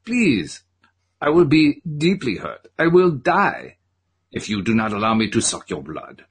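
A man reading aloud, voicing a pleading male vampire with a Transylvanian accent in a slow, formal, begging manner. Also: mid-range voice, wildly swooping pitch, husky, pitched above the performer's own voice, exaggerated voice.

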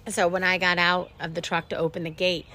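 A woman's voice: on the low side, flat delivery, brisk, sharp tone. A woman co-hosting a casual chat podcast, telling rambling stories and laughing often. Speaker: podcast co-host.

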